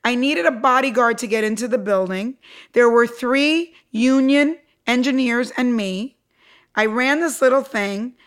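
Her voice is a little high, smooth, and slightly slow. She's a middle-aged entrepreneur from Cuba, a guest on a podcast interview, recounting her story animatedly and emphatically while acting out the quotes.

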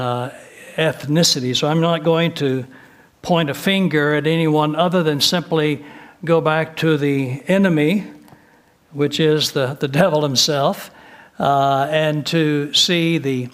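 An older man, a retired pastor, preaching a sermon in a folksy way with gentle humor and frequent filler words. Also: fairly high pitch.

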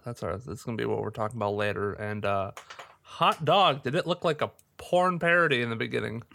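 A man's voice: mid-range voice, brisk, vocal fry, bright, forceful tone, no echo. A man co-hosting a podcast, chatting casually with self-mocking anecdotes. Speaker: podcast co-host. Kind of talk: casual chat.

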